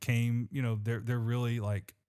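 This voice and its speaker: Here a man co-hosting a podcast reads scripture and chats in an earnest, meandering way, often starting over. His mid-range voice is warm, clear, and resonant, though his delivery is flat and his speed normal.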